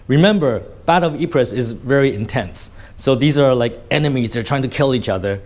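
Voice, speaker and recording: A man's voice: mid-range voice, lively intonation, fairly quick, few pauses, darkish tone. A man telling a story in casual vlog commentary, blunt and full of swearing, often adding "right?" to his sentences. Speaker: vlogger.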